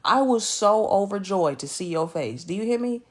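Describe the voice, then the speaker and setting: A woman streaming live from her bed at home, greeting viewers by name in animated, slangy casual chat. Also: mid-range voice, normal speed.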